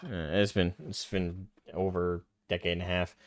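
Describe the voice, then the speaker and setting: A man's voice: low voice, flat delivery, normal speed, no echo, clean studio sound. A man hosting a casual podcast chat in a laid-back, agreeable way. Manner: laid-back, agreeable, reads super chats. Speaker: host.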